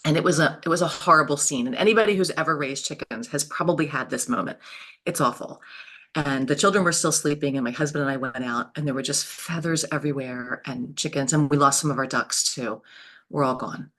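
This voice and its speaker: A woman, telling homestead stories in a lively, animated way as an interview guest. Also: low-pitched, brisk. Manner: lively, animated storyteller with frequent laughs. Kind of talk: storytelling in an interview.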